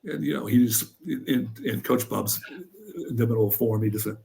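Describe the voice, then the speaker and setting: A man, a former wrestler and coach, telling a funny story as an interview guest, animated and laughing through the punchlines. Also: mid-range voice, normal speed, vocal fry.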